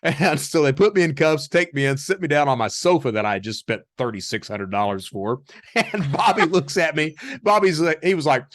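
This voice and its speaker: Chuckling, animated male storyteller. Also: fairly high pitch, moderate pace, no echo. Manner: chuckling, animated, acts out dialogue. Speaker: podcast guest. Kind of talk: casual storytelling.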